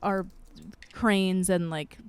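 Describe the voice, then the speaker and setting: A woman's voice: lowish voice, fairly even intonation, extremely slow, clear, resonant tone, dry recording. Rambling, foul-mouthed woman podcast host. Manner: rambling, heavy swearing, constant "like". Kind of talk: casual chat.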